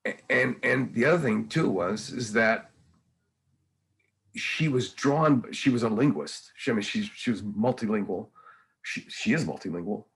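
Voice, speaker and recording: Gravelly older man telling rambling stories. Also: fairly low pitch, unhurried. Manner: rambling, animated storytelling with many restarts. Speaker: painter and guest. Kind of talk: casual conversation.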